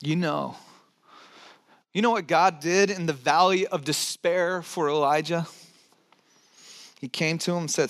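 Male pastor, slightly high-pitched, preaching with hushed dips and emphatic swells, casual humor. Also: measured pace, long pauses. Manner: dynamic preaching, dropping to soft near-whispers and rising to emphatic points; conversational, joking asides. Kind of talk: sermon.

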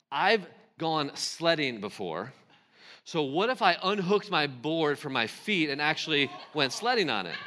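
A man in his forties preaching a sermon, telling a funny personal story with laughs and acting out the other people's lines. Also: a little high. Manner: animated, laughing, acts out quoted voices. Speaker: pastor.

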